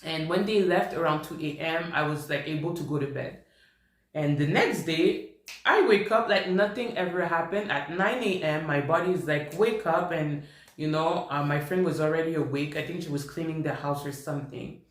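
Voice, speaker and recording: Brief: male vlogger, slightly high voice, animated storyteller, echoey room. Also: normal speed. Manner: animated, repeats himself while recounting. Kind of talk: personal storytime. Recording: roomy echo.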